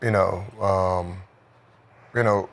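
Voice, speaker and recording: Man, low voice, casual sports podcast chat, rambling, lots of fillers. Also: steady tone, takes it slowly, gravelly. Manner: loose, rambling, heavy "you know" fillers. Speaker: podcast co-host, former basketball player.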